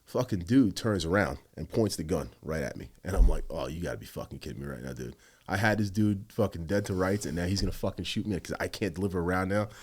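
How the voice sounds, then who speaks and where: A man, a former police officer, telling stories on a podcast in a casual, animated way, swearing a lot and acting out what he said at the time. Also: sits low, quick pace, breathy edge. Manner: animated, heavy swearing, quotes himself. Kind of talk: casual storytelling.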